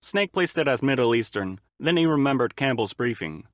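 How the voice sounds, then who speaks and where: A male narrator reads a fan-made audiobook in a steady, even storytelling voice at a middle pitch. The sound is dry and close, with no room to it. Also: normal speed, no echo.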